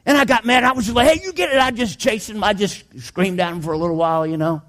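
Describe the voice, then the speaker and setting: A pastor telling a personal story in his sermon, animated and conversational, his voice climbing high when the story gets exciting. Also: quick pace. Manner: plain, conversational preaching with restarts.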